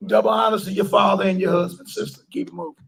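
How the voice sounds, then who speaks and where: A man preaching an informal sermon to a live group, talking colloquially and loudly stressing his points. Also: high-pitched, animated, quick pace, vocal fry, husky. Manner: loud emphatic bursts, colloquial, laughs often.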